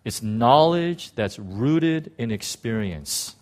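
A man preaching a sermon in an animated way, acting out biblical figures, with frequent restarts. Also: medium pitch, takes it slowly. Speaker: pastor.

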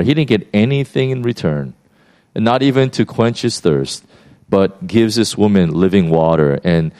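A man preaching a sermon, retelling a Bible story in a lively, conversational way with many fillers and restarts. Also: on the low side. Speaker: pastor.

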